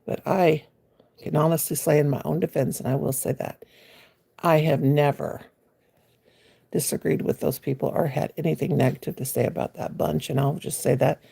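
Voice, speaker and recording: Gravelly-voiced woman in her sixties. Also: low-pitched, steady tone, normal speed, warm tone. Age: 60s. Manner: chatty, greets viewers by name, homey and folksy. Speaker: crochet livestream host. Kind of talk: casual live-stream chat. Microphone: phone.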